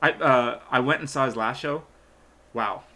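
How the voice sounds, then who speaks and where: A male host chats on a casual live stream, rambling with plenty of fillers and half-finished thoughts. His voice sits at an ordinary middle pitch for a man. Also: measured pace, sharp tone. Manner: rambling, trails off, lots of fillers.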